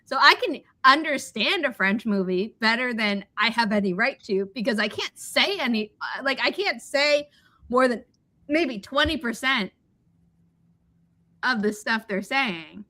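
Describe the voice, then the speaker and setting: A young woman chats on a livestream in a bright, clear voice that sits a little high. She tells stories with energy and slips into other people's voices when she quotes them. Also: a little slow. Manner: animated storyteller, acts out quotes. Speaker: livestream host. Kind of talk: casual chat.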